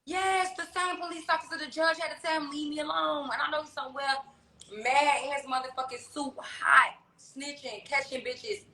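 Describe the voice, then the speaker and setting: A woman rapper chatting on a livestream, telling stories in a brash, profane, animated way. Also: sits high, normal speed, reverberant, slight background noise, poor audio. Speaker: rapper on tour, guest on a livestream. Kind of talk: casual livestream chat. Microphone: phone.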